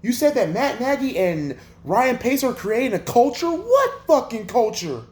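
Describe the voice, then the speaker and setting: A man's voice: very high voice, lively intonation, moderate pace, a little mellow, reverberant. A man hosting a sports livestream, ranting in an exasperated, profane way with lots of rhetorical questions. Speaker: sports channel host.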